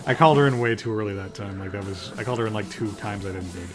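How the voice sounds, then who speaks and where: A man playing a game and commenting casually, explaining in halting phrases that he often restarts. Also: on the low side. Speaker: podcast co-host and player. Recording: faint game music behind.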